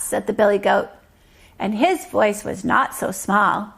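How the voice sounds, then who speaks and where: A woman teacher reading a story aloud to toddlers, slow and gently explaining. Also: mid-range voice, creaky, husky. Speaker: preschool teacher.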